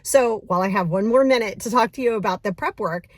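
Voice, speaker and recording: A woman leading a guided mindfulness exercise, talking casually and straight to the viewer with lively bursts. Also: mid-range voice, fast talker, no room sound. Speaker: mindfulness coach.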